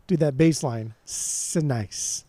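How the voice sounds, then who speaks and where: A young man co-hosts a podcast, chatting casually and with real enthusiasm about an album, peppering it with swearing and slang. His mid-range voice moves at a slow pace with a dark tone, and the recording is dry.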